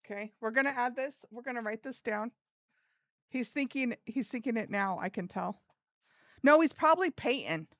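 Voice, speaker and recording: A woman streaming live, chatting with her viewers in a bright, giggly, animated voice. Her pitch sits a little high and leaps all over the place. The sound is dry and close, with no room echo. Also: normal speed. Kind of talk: casual live stream chat.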